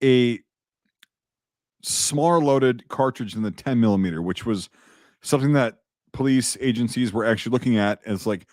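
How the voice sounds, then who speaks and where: A man's voice: mid-range voice, moderate pace, a little mellow, dry recording. Rambling, profane man in dry close sound. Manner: rambling, profane, many restarts and fillers. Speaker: podcast host. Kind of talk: casual chat.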